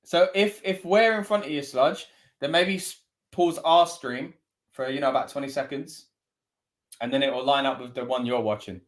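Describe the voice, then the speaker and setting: A man with a Scottish accent co-hosting a live wrestling watch-along, talking casually and breaking into excitable reactions. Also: medium pitch, moderate pace. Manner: excitable, bursts into loud reactions.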